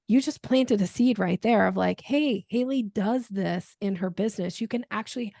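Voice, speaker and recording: A woman with a gravelly, fry-tinged voice talks through her sales ideas as an interview guest. She's animated and slips into quick acted-out lines of dialogue. The recording is close and dry, with no room sound. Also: medium pitch, dry recording. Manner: animated, acts out quoted dialogue with frequent laughs. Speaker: sales coach and podcast guest. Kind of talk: conversational interview.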